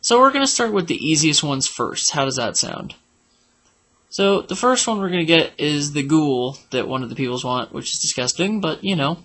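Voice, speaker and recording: This walkthrough narrator is a man with a fairly high-pitched, somewhat bright voice. He keeps his gameplay commentary loose and rambling, joking around and humming or singing melodies while he plays.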